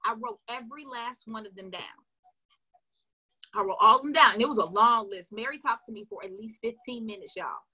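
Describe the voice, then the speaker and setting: A woman coach retells a sales call to her viewers and acts out each part of the dialogue. Her voice is high and bright, with a husky edge. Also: fairly quick. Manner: animated, acts out dialogue, addresses viewers directly. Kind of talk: storytelling lesson to viewers.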